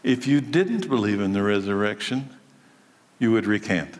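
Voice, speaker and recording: A man preaching a sermon, his delivery lively and swinging between loud and soft. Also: lowish voice, normal speed. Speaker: pastor. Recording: long hall reverb.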